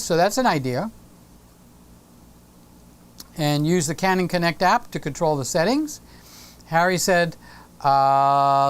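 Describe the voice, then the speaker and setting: A woman's voice: lowish voice, very animated, slow, pauses often. A woman hosting a live stream in a casual, playful way, reading viewer comments aloud, teasing, and now and then breaking into a sung snippet.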